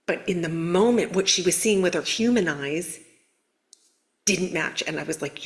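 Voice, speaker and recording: Lower-pitched woman giving spiritual coaching. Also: moderate pace. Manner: earnest, conversational, animated storytelling. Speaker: spiritual guidance host. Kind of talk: casual spiritual coaching talk.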